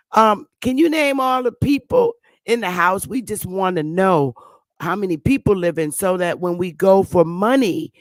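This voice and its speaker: A woman's voice: on the low side, no room sound, natural voice. A woman voicing a polite, baffled census taker who speaks hesitantly and with sweet overpoliteness.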